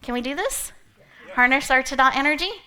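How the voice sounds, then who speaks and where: A woman's voice: high voice, fairly quick, pushed and bright. A woman giving a playful, inspirational opening talk to a live audience, telling stories and laughing often. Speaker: motivational speaker opening an event.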